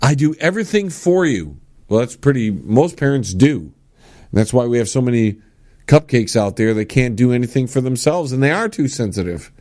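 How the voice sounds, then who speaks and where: A man hosting his own talk podcast, giving blunt, sarcastic opinions and mock-shouting the lines he quotes. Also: moderate pace. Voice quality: animated with big pitch swings. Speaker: podcast host. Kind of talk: solo opinion talk show.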